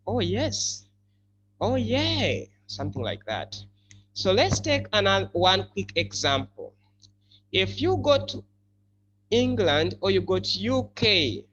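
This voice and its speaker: A male teacher walks a class through a vocabulary lesson, speaking very slowly and repeating each key word. His voice sits a bit high for a man. The recording is slightly muffled, with a faint hum behind him. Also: fairly bright tone. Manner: slow, explanatory, repeats key words. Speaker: English teacher.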